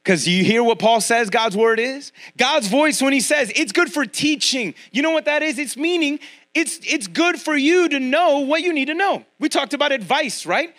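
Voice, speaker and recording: A man's voice: very high voice, moderate pace. A middle-aged man preaching a sermon as pastor, talking straight to his congregation and acting out voices as he goes. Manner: conversational preaching, addresses congregation directly; animated, acts out quoted voices.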